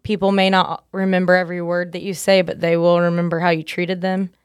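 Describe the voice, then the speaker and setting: A woman's voice: lowish voice, little pitch movement, a little fast, smooth, dry recording, studio quality. A woman guest on a podcast, chatting casually and filling her talk with "like". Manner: chatty, many "like" fillers. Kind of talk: casual chat.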